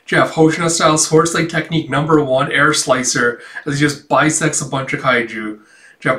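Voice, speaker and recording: A man's voice: fairly high pitch, fairly even intonation, bright, forceful tone. Chuckling man reading manga in a roomy room. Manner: chuckling, filler-heavy, quick to quote the dialogue. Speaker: manga chapter reviewer. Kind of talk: casual read-through with commentary. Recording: roomy, a bit distant from mic.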